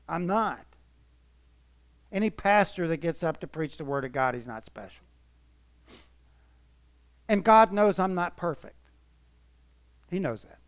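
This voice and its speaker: Earnest, emotional preacher man, smooth voice. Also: a little high, animated, takes it slowly, long pauses, no room sound. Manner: emotional, earnest, swells and drops in volume. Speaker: pastor. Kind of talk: sermon.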